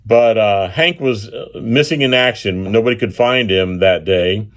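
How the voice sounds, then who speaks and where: A man with a fairly low voice recounts a field story from his engineering work. He speaks in a casual, unhurried way. Filler pauses and small chuckles run through his telling.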